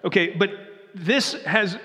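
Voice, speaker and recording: Man, pastor, earnest sermon, slightly higher voice, long hall reverb. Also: takes it slowly, bright, forceful tone. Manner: asks the audience questions, earnest, repeats phrases. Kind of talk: scripture reading and sermon.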